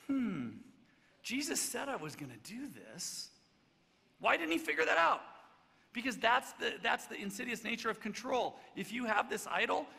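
A man preaching a sermon as pastor, swinging between loud emphatic stretches and hushed, soft passages. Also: high voice, creaky, husky. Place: church sanctuary. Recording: church hall reverb, faint background noise.

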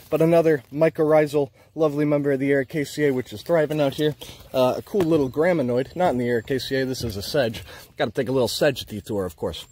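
An enthusiastic man guides a walking plant tour through a bog, talking into the handheld camera he is filming with. He rambles and stops to marvel at each find, at a middling pitch. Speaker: nature vlogger. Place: outdoors in a peat bog.

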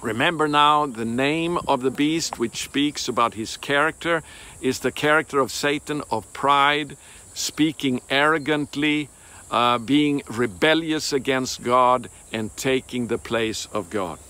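A man giving a Bible teaching in a deliberate, emphatic way, pausing and hesitating often. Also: mid-range voice, pushed and bright.

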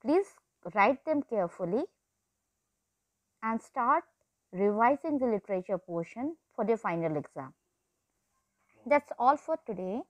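A woman teacher reading a story aloud and explaining it to students, with animated storytelling. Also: on the high side, unhurried, long pauses, no echo, rough recording. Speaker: English teacher.

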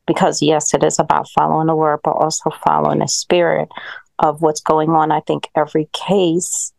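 A woman in a congregation gives measured advice to the group, pausing with "um" as she speaks. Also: low-pitched, monotone, vocal fry, a little mellow, no echo. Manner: measured, careful, with "um" pauses. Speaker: congregation member.

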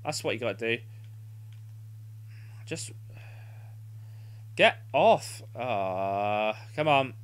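A man's voice: mid-range voice, lively intonation, very slow, pauses often, clean tone. Frustrated swearing gamer man. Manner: frustrated, swearing, urging players on. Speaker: gamer playing a football video game. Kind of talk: live gameplay commentary.

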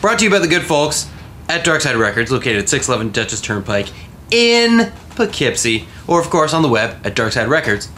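A man's voice: medium pitch, big pitch swings, brisk, bright, forceful tone, slight background noise. A man hosting a casual podcast, loose and joking, laughing between lines. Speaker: podcast host.

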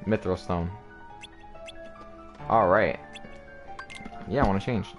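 A man doing joking, excitable let's play commentary, talking over cutscenes. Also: deep voice, slow pace. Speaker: game streamer. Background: game music.

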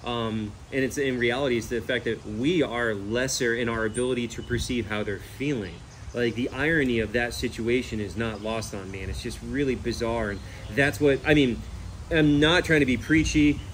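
A man hosting a casual talk about animals, earnest and animated, building his points with hypothetical scenarios. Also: medium pitch, moderate pace, slight background noise. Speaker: host.

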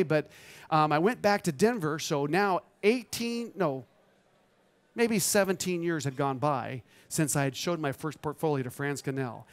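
A man in his fifties, a photographer giving an animated, motivational storytelling talk on a trade show stage. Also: fairly high pitch. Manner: animated, acts out quoted dialogue.

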